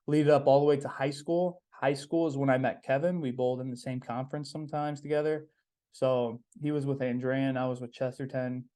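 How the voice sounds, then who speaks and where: A man's voice: medium pitch, flat delivery, a little fast, dark tone, clear, resonant tone. A young man hosting a podcast, talking in a casual, upbeat, rambling way with plenty of "um"s and repeated phrases. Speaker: podcast host. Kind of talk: casual solo podcast monologue.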